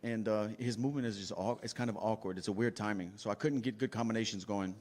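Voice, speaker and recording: A man at a post-fight press conference calmly breaking down his opponent's style and an injury he picked up. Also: fairly low pitch. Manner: measured, reflective breakdown of the fight.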